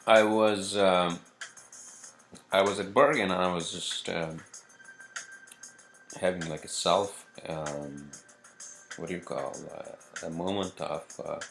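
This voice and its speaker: Low gravelly man rambling profanely. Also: fairly bright tone. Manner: profane, meandering, lots of fillers. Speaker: podcast host. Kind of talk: rambling solo monologue.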